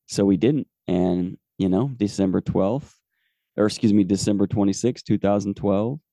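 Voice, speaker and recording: A man's voice: low voice, vocal fry, dark tone, dry recording. A man in his forties, a podcast host telling a personal faith testimony in an earnest, rambling way with many fillers. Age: 40s.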